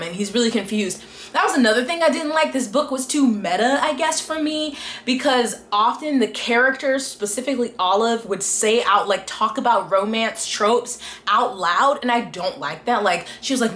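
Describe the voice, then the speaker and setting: A woman with a fairly high voice rants casually about a book, animated and exasperated, and acts out bits of dialogue as she goes. Her voice rings in an echoey room. A faint hiss sits under it. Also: normal speed. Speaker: book reviewer. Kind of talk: casual ranting book review.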